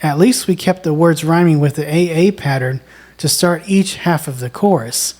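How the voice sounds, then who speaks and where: A woman co-hosting a songwriting lesson, explaining in a measured, deliberate way. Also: low-pitched, darkish tone. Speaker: songwriting co-host. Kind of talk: instructional conversation.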